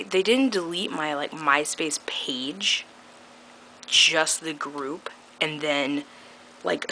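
A young woman with a low-pitched but bright voice rants casually to her webcam, piling on fillers, sarcasm and quick laughs. A faint hiss of room noise sits under her voice. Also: rough recording. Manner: chatty, filler-heavy, laughs often, sarcastic. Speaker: vlogger. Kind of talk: casual vlog rant.

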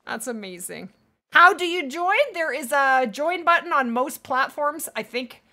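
High, lively woman streamer. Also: measured pace, gravelly. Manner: chatty, thanks viewers warmly by name. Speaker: live streamer. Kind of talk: casual live-stream chat.

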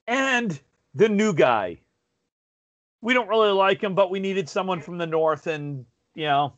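A man's voice: sits high, expressive, slow pace, long pauses, a bit bright, dull audio. A man hosting a podcast in casual chat, self-deprecating and rambling with restarts, talking over a video call. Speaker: podcast host.

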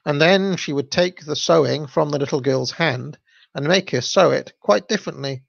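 A man reading a children's story aloud, adding asides with fillers and halting restarts. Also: on the high side, creaky, fairly bright tone, dry recording. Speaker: storybook reader and commentator. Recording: dull, dry lo-fi recording.

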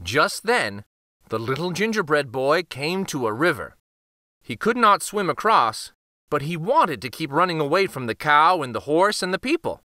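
Man reading a kids' picture book, bright voice, dry close sound, lively. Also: on the high side, normal speed, no echo. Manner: expressive, animated storytelling. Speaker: children's book reader, host. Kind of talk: read-aloud storytelling.

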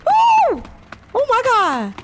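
A woman giving casual gameplay commentary, excitable, gasping and shrieking at scares and laughing often, and reading riddles aloud slowly. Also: extremely high pitch, heavy background noise. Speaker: gaming video creator. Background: game music.

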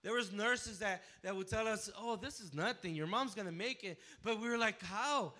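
Bright high-pitched preacher man. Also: moderate pace. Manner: emotional, repeats words and restarts, swells to near shouting. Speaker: preacher giving a testimony. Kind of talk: sermon testimony. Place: church sanctuary.

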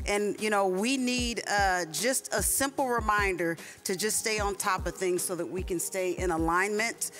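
A woman's voice: medium pitch, normal speed, few pauses, a bit bright, faint music behind. Fervent woman testifying in church style. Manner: fervent, with church call-outs. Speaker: church member and podcast leader.

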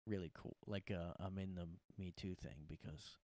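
Low-voiced man rambling sarcastically. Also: fairly even intonation, normal speed, warm tone, dry recording. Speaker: podcast host. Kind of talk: casual comedic monologue. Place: his room at home.

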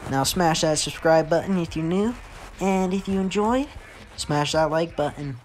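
A man hosting a gaming channel, giving casual, excitable commentary while he plays a fighting game and exclaiming at big moments. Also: on the high side, normal speed, a little hiss or hum. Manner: excitable, laughs and exclaims during play. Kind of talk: casual let's-play commentary.

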